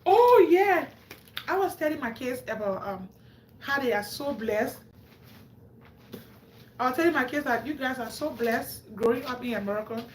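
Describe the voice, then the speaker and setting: Woman, African English accent, fairly high voice, chatty live stream, echoey room, faint hum. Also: expressive, moderate pace, pauses often. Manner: chatty, talks straight to viewers. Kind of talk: casual live-stream chat.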